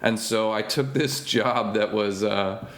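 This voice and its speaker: Animated young comedian telling stories. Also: male voice, slow pace. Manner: animated storyteller, acts out quoted voices in a higher pitch. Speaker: comedian guest. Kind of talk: casual podcast storytelling. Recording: roomy echo.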